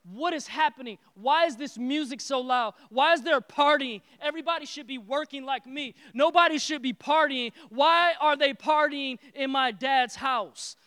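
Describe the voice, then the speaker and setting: A man voicing an indignant, hardworking older brother who loudly complains and repeats himself in outrage. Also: extremely high pitch, normal speed, hardly any pauses, dry recording, in a large hall, voice pushed up.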